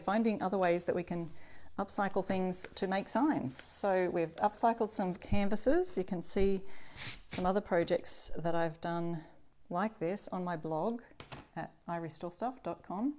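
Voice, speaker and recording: A woman's voice: medium pitch, moderate pace, darkish tone, a little hiss or hum. A middle-aged woman from Australia hosting a live crafting demonstration, talking chattily to viewers and greeting them as they join. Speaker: upcycling channel host.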